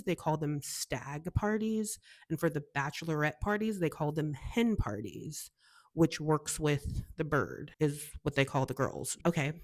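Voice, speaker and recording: A young woman from the US talks in a casual, gushing way on her own show. Her voice sits low for a woman, and she sounds bubbly and chatty throughout. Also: a little mellow. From United States. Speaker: podcast host. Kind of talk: casual solo chat.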